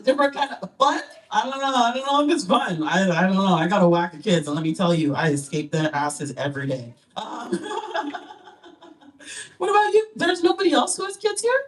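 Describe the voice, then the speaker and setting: A woman's voice: medium pitch, very animated, normal speed, distant mic. A woman hosting a comedy club night, doing playful crowd work and laughing often as she teases the audience. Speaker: comedy show emcee.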